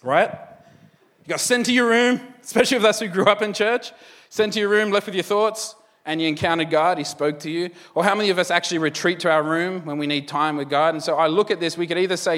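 A man's voice: high voice, steady tone, brisk, fairly bright tone, big-room sound. A man preaching a conversational sermon as pastor, with joking asides.

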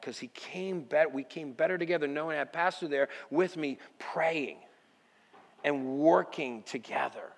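A male pastor preaching a sermon, telling a personal story with lively quoted dialogue. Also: fairly high pitch, in a large hall.

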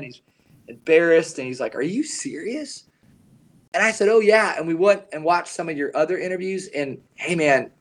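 A man co-hosting a podcast, telling a coaching story in an earnest, emphatic way and slowing down on his key points. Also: fairly high pitch, fairly bright tone. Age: adult, past his young advisor years. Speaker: podcast co-host, advisor coach.

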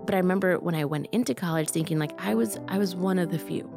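A woman's voice: lowish voice, fast talker, vocal fry. A young woman who works as a community organizer, telling a personal story in an earnest, emotional way with many fillers. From Colorado. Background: music.

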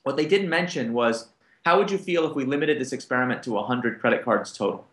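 A man on a conference panel, talking through a business story and slipping into the voices of the people in it. His pitch sits in the ordinary middle range, and the sound carries a roomy echo. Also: a little fast. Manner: animated, acts out quoted dialogue. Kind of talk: anecdotal storytelling to an audience.

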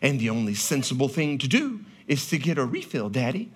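A man's voice: medium pitch, big pitch swings, a little fast, husky. A man voicing his young daughter, a cheeky and persistent little girl. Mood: wheedling.

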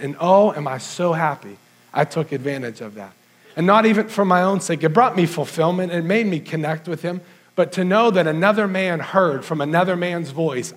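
High-pitched male pastor, earnest and conversational, preaching through a personal story.

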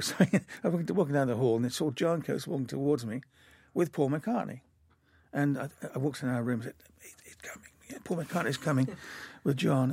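A man's voice: mid-range voice, creaky, darkish tone, husky, no room sound. An older man from England, an animator, telling rambling, chuckling anecdotes in an interview.

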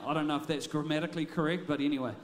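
A man with a high-pitched voice preaches a sermon. He talks with energy and often doubles back on his words as he restarts a phrase. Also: steady tone, rapid-fire. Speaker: pastor.

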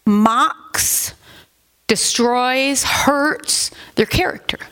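A woman pastor preaching a sermon in a conversational, animated way, acting out quotes and adding asides. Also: sits high, drawn-out words, smooth. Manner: animated, acts out quotes in put-on voices.

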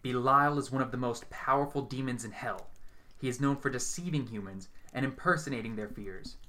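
A man's voice: mid-range voice, a little fast, close to an everyday voice. A man voicing a brash young woman who poses as a psychic, dramatic and commanding as she leads a séance. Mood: stern. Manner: dramatic, commanding, shouts invocations.

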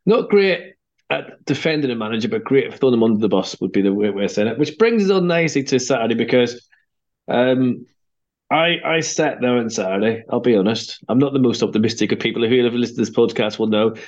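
A man's voice: mid-range voice, brisk, dull audio. A man with a Northern Irish accent hosting a casual football podcast, wry and self-deprecating as he chats with guests. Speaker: podcast host.

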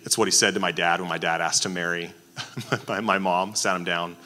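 A man's voice: deep voice, fairly even intonation, normal speed, sharp tone, long reverb tail. A man preaching a Sunday sermon as a pastor, talking in a loose, conversational way with many fillers and restarts.

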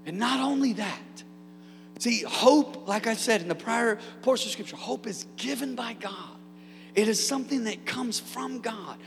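A man preaching a sermon as pastor, energetic with humorous asides and building to shouted peaks. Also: very high-pitched, unhurried, creaky, in a large hall, a little hiss or hum. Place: church sanctuary.

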